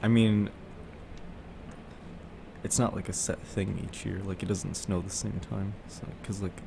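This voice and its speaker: A man's voice: low-pitched, level tone, unhurried, vocal fry, background noise. A young man co-hosting a casual chat, telling stories in a rambling, hesitant way that trails off. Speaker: podcast co-host.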